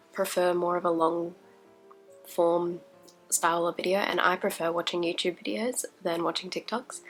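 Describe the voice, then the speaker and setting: A woman's voice: mid-range voice, fairly bright tone, breathy edge. A young woman who is congested from illness chats hesitantly about books in a casual vlog, with many fillers. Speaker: indie author and book vlogger.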